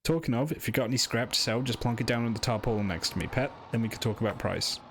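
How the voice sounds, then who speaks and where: A man's voice: medium pitch, quick pace, gravelly, noisy background, natural voice. A man voicing a cheery northern male scrap merchant, broad and chatty. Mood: chummy. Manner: broad, chatty, strained attempt at the accent.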